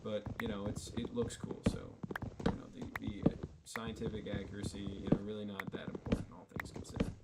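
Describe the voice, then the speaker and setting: A man's voice: lowish voice, completely flat delivery, a little fast, creaky, heavy background noise. A man giving casual gameplay commentary as the channel's host, rambling along with joking asides and lots of fillers.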